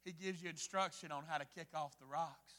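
A man preaching a sermon, telling a story with dramatic swings between hushed and loud delivery. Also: on the high side, fairly even intonation, brisk, big-room sound. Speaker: pastor.

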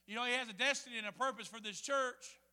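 High-voiced animated man preaching. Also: fast, clear, resonant tone, in a large hall. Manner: animated, acts out voices in his story. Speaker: pastor. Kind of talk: storytelling sermon. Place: church hall.

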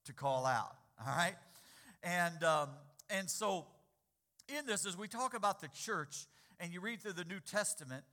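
A man's voice: sits high, animated. A man preaching a sermon as pastor, getting the congregation to answer back and repeating key words. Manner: quiet and slow in prayer, louder and rising when exhorting.

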